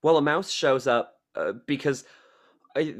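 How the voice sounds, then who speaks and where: An enthusiastic man co-host with a lively, swooping pitch, raving about a movie in relaxed chat. He teases his partner with a dry edge, heard over a remote call. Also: measured pace. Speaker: podcast co-host.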